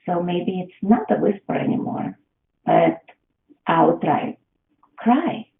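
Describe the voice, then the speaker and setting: A woman's voice: fairly low pitch, lively intonation, takes it slowly, creaky. A woman giving a reflective motivational talk, posing question after question to the listener. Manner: asks many rhetorical questions. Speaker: self-help speaker. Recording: tinny phone-like line in an echoey room.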